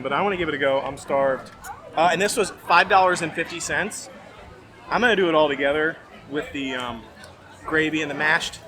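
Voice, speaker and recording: A man's voice: a little high, fairly quick, a crowd in the background. A man vlogging casually outdoors as he tastes food, rambling and hesitant with many fillers. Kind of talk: casual food-tasting chat. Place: outdoor festival.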